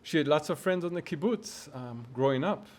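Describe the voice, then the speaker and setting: A man's voice: on the high side, animated, darkish tone. Hesitant man with faint hiss behind. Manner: halting, hesitant. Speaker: son of the deceased, eulogy speaker. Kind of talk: unprepared memorial remarks.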